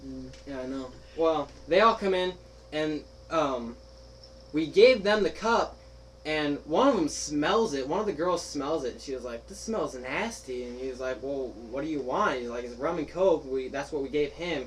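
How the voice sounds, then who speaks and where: A young man spins a story for his friends, voicing each person in turn and breaking into laughter. His voice sits a little high. A light background hiss runs under it. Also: moderate pace, low-quality recording. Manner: animated, laughing, acts out quoted friends. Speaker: podcast host telling a story. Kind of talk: casual storytelling chat.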